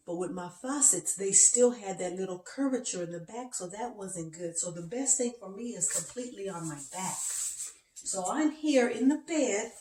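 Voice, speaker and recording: A woman's voice: medium pitch, mellow, echoey room, recorded from a distance. A woman chatting to camera from her bed and explaining things step by step. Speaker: vlogger. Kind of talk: casual talk to camera. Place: bedroom, lying in bed.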